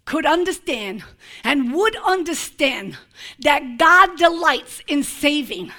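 A woman preaching a sermon, moving from hushed, tender passages to shouted declarations, with playful, laughing asides. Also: high voice, sing-song, measured pace.

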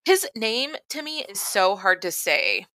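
A woman's voice: medium pitch, sing-song, a little slow, bright, forceful tone, no room sound. A woman co-hosting a podcast, chatting casually with hesitant fillers. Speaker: podcast co-host.

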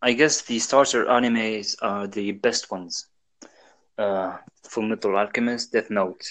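Man from Algeria, non-native English speaker, lowish voice, halting casual chat. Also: steady tone, a bit bright, poor audio. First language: not English. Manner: hesitant, with frequent fillers. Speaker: conversation partner.

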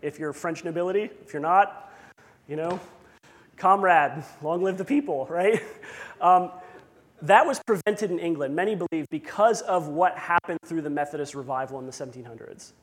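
A man's voice: fairly high pitch, moderate pace, long reverb tail. A man preaching a sermon as pastor, conversational with self-deprecating asides.

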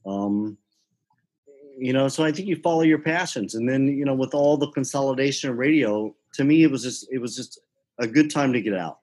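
A middle-aged man from the American South, now without a Southern accent, telling stories from his career in a relaxed conversation. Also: medium pitch, brisk, poor audio. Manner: storytelling, animated when quoting others. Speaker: sports executive. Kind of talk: conversational podcast interview.

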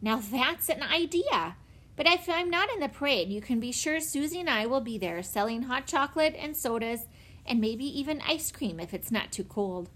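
A woman's voice: high-pitched, expressive, normal speed, a bit bright, voice pushed up. A woman reading aloud voices a cheerful, friendly ice cream man with a folksy way of talking.

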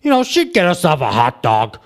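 A man's voice: a little high, wildly swooping pitch, brisk. A man hosting a comedy podcast as a bumbling wrestler, rambling and stammering over his words. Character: boastful bumbling male wrestler host. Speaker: podcast host. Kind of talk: comedic in-character podcast chat.

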